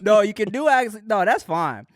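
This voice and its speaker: A man in his thirties hosting a casual podcast chat, animated and laughing often. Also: high voice, normal speed. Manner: animated, laughing, slips into mock accents. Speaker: podcast host.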